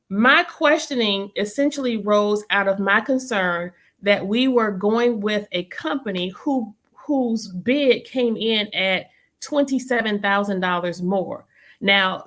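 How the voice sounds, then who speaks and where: Brief: woman, council member hosting her show, mid pitch, emphatic, repeats lines. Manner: emphatic and animated, repeats phrases for effect. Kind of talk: casual political commentary.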